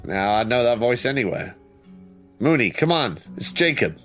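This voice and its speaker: Man doing a calm, drawling country leader, pitched up, coaxing. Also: normal speed, soft background music. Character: rural man who found religion, calm leader.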